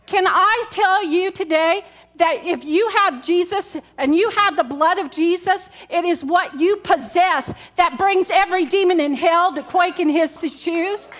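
The woman's voice is very high and fairly bright, and she keeps a measured pace. She is a pastor giving a conversational sermon to a church congregation, repeating key words and asking the people questions.

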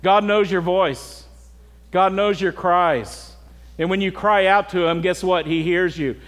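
High-voiced pastor preaching in a reverberant hall. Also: male voice, measured pace, a bit bright. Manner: earnest, direct, asks the congregation questions. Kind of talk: sermon.

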